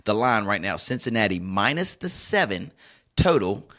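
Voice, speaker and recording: A man hosting a casual sports betting chat, telling stories with excitable, animated bursts. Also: lowish voice, normal speed. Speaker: sports betting show host.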